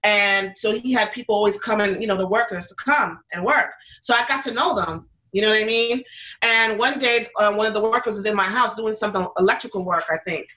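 In poor audio, an American pizza business owner appearing as an interview guest recounts her story in a mid-range, pushed and bright voice at a fairly quick pace. She's chatty and loose, restarting often, using many fillers and playing out what others said.

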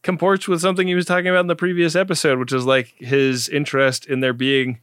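A man's voice: on the high side, monotone, fast talker, a bit bright, clear, resonant tone, dry recording, studio quality. A man co-hosting a podcast, casually retelling a TV episode in a loose, rambling way with lots of fillers. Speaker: podcast co-host. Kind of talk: casual episode recap chat.

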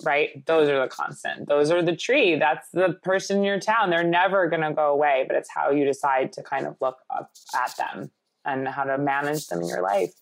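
A woman's voice: deep voice, moderate pace, gravelly, dry recording. A woman hosting a podcast interview, speaking in an earnest, effusive way and stringing many clauses together. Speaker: podcast host. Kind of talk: casual conversational interview.

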